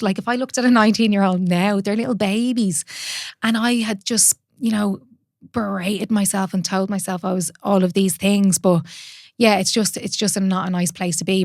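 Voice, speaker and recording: A lower-pitched Irish woman hosting a podcast, speaking openly and earnestly, with the odd swear word. The sound is close and dry, with no room around her voice. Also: no echo. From Ireland. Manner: earnest, open, swears casually. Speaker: podcast host. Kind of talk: candid conversational storytelling.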